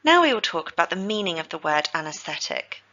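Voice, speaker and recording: Woman, bright tone, dull lo-fi recording, careful teaching narration. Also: lowish voice, big pitch swings. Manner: slow, careful pronunciation drills. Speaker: English teacher for healthcare.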